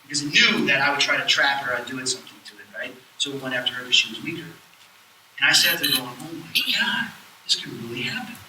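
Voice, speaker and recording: A man's voice: medium pitch, rapid-fire, a little hiss or hum. A man giving a live lecture, telling stories casually and acting out the dialogue in them. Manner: animated, acts out quoted dialogue. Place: lecture hall at a live event. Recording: echoey room recording from far off.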